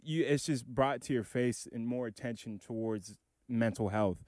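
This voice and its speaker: Rambling, animated young man, dry close mic. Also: medium pitch, moderate pace, no room sound. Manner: rambling, animated, many restarts. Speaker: podcast co-host. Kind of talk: casual chat.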